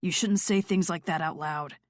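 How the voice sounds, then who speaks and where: A woman voicing a brooding, sarcastic male rock star with a gruff, scoffing manner in an audiobook. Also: lowish voice, moderate pace, no echo, studio quality, voice pushed down, close to an everyday voice. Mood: cold. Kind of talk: audiobook character voice.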